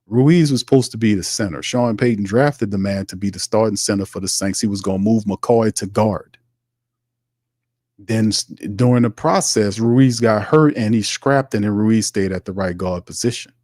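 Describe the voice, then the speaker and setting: A man's voice: lowish voice, moderate pace, darkish tone, dry recording, clean studio sound. A man hosting sports commentary, ranting heatedly and repeating his points. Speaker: host.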